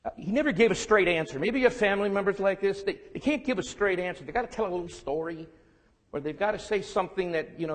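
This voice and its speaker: A man from California giving a candid, self-deprecating and humorous lecture to students, mixing warnings with family stories. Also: high voice. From California, United States. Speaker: guest lecturer. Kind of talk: public lecture with storytelling. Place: lecture room. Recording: long reverb in a lecture room.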